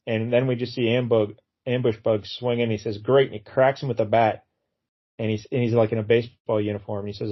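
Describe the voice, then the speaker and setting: A man's voice: fairly low pitch, quick pace. Man retelling a comic, lo-fi. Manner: animated, acts out quotes in funny voices. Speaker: podcast co-host. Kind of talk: casual chat retelling a comic.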